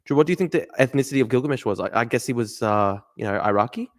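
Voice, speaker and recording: A man's voice: mid-range voice, animated, rapid-fire. A man hosting a casual livestream, talking himself through a guessing game. He mutters asides, swears often and breaks into exasperated outbursts. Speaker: livestream host.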